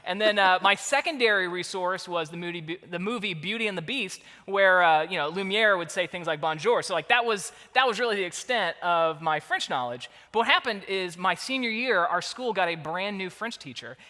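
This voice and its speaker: A pastor tells a self-deprecating story in a sermon, his voice bright and high. The sound carries a long reverb, as if in a large hall. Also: brisk, few pauses. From Kansas City area, USA.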